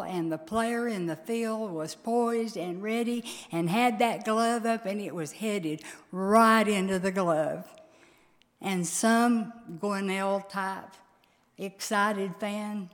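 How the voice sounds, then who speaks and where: A woman preaching a heartfelt sermon in a large hall with a long reverb. She talks slowly and emphatically, her voice at a middle pitch, swelling into sudden loud peaks.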